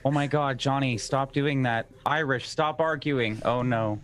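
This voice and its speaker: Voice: mid-range voice, unhurried, a little hiss or hum. A player joking theatrically before a tabletop roleplay session. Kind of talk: casual banter.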